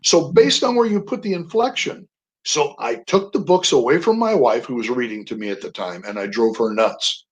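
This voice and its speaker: An older man, a veteran appearing as a guest on a radio interview, tells stories with energy, emphasizing words in an animated way. His voice is medium-pitched at a moderate pace, and the recording is low-quality.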